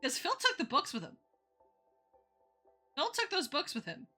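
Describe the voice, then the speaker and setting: High, bright-voiced woman rambling on stream. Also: wildly swooping pitch, faint music behind. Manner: rambling and giggly, laughs often between thoughts; retells others' lines in quick playful voices. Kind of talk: casual chat while drawing on a live stream.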